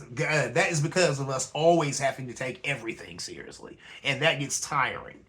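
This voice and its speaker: Chatty male host with a higher voice. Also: a bit bright. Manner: conversational, repeats "you know what I'm saying". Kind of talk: casual commentary monologue.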